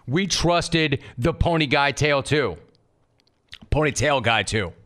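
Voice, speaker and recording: A man hosting a sports talk radio show, bantering in an animated, mocking, rapid-fire way. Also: mid-range voice.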